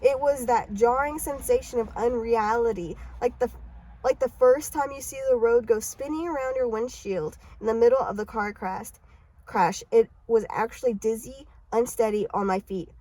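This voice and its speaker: A woman's voice: on the high side, normal speed, dark tone, poor audio. A woman casually reading a novel aloud in a parked car, with stumbling restarts and swearing asides. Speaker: audiobook reader.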